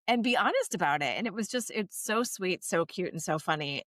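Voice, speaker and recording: Animated woman podcaster, dry close mic. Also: medium pitch, no room sound. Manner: animated retelling, slows down for emphasis. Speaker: podcast co-host. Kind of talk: casual chat.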